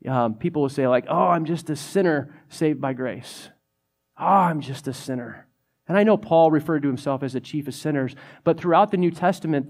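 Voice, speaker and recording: A young man preaching a sermon in a conversational, animated way, often saying "like". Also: a little high. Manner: conversational, animated, many "like" fillers.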